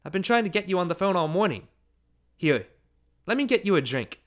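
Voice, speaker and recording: A man's voice: high-pitched, big pitch swings, brisk, voice pushed up. A man voicing a hospitable suburban hostess who welcomes a guest, in a storybook reading. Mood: delighted.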